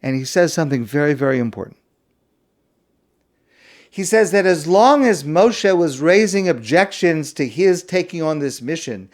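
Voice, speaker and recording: A man teaching as a rabbi in a class on the weekly Torah portion, telling stories with self-deprecating humor and asking pointed questions. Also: fairly high pitch. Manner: asks pointed rhetorical questions.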